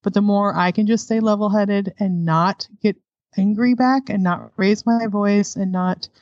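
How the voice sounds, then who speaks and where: A woman's voice: mid-range voice, fairly even intonation, measured pace, a little mellow, dry recording, dull audio. A woman guest, an adoptive homeschooling mother, speaking candidly in a conversational interview and laughing often.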